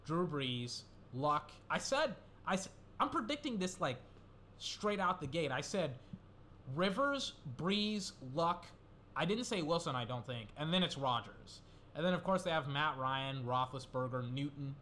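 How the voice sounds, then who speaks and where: A man's voice: a little high, very animated, a little slow, bright, forceful tone, slight background noise. A young man rambling through casual solo commentary, swearing and getting worked up as he goes. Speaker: gaming commentator.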